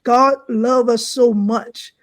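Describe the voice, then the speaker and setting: Woman life coach, slightly high voice, sermon-like fervor on a podcast. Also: steady tone, takes it slowly, no echo. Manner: fervent, repeats "right?" to the listeners. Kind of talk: preaching-style podcast talk.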